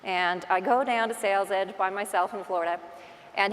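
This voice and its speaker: A woman's voice: medium pitch, a little fast, fairly bright tone, in a large hall. A woman with a Newfoundland accent giving a chatty, self-deprecating conference talk from a stage microphone. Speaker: real estate agent giving a conference talk. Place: large conference hall.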